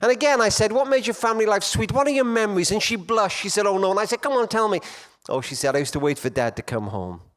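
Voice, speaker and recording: A middle-aged man speaks from a stage to a hall of men, his voice rising high and dropping low as he tells his stories. His pitch sits fairly high for a man and moves very freely. He swings between loud emphasis and near-hushed lines. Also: lively intonation, fast talker, hardly any pauses. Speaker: conference speaker. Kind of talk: storytelling talk to men.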